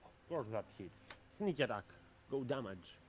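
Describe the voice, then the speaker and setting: A man running a tabletop role-playing game as game master, narrating the action in a relaxed, brisk way. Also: medium pitch, a little hiss or hum.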